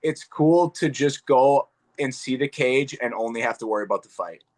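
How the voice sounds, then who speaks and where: A young man and guest fighter talking casually in an interview, relaxed and rambling with lots of fillers and the odd swear. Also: medium pitch, normal speed.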